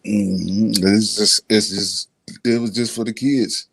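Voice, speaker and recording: A man's voice: lowish voice, fairly even intonation, slow pace, gravelly, fairly bright tone, breathy edge, no room sound. Laid-back man laughing through podcast banter. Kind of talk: casual banter.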